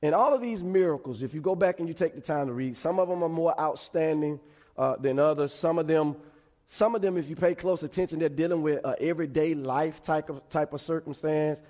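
A man's voice: fairly high pitch, fairly quick, dark tone, big-room sound. A man preaching a conversational sermon to his congregation, repeating words and adding asides as he goes. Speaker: pastor. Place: church sanctuary.

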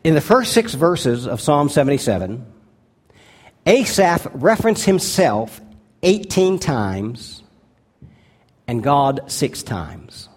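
A male pastor preaching a sermon, earnest and deliberate, slowing down to stress key words and dropping to a hushed tone for his appeals. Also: on the high side, very animated, husky.

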